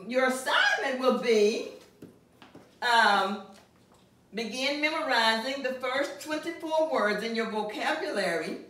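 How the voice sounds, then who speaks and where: A woman teaching a Spanish vocabulary lesson, drawing out each word slowly and clearly, recorded from a distance. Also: a little high, fairly bright tone. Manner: slow, drawn-out enunciation of vocabulary words. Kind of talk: classroom-style language lesson. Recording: very echoey room, mic at a distance.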